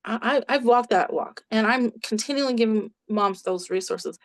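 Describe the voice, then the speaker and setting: A woman in her forties, a clinical social worker, telling animated stories as a podcast guest from her home office and acting out quoted voices. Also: a little high, moderate pace. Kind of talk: casual storytelling in a podcast interview.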